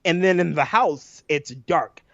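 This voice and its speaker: A man co-hosting a podcast, telling a nightmare story in an animated, profane way and acting out his own lines. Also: fairly high pitch, a little slow, vocal fry, dry recording. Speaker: podcast co-host. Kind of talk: casual storytelling chat. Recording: dull lo-fi audio, dry.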